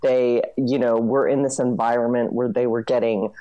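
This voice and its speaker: A woman journalist with a strikingly low voice lays out her points briskly, often reaching for "you know" and "I mean". Her tone is dark and mellow. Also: fairly even intonation, muffled recording. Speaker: author and journalist. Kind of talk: interview guest explaining.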